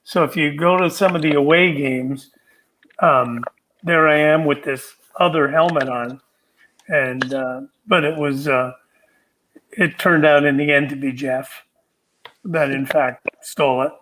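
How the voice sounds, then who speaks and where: Halting older man, slightly high voice. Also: steady tone, a bit bright, a little hiss or hum, low-quality recording. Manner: halting, many "um" and "uh" pauses. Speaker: panel guest, former cast member. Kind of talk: casual storytelling on a video call. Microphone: video call.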